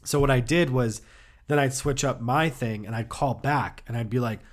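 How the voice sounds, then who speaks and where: A man's voice: mid-range voice, normal speed, dry recording, studio quality. A man hosting his own podcast, telling rambling, profane stories in a laid-back way. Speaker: podcast host. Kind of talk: casual comedic storytelling.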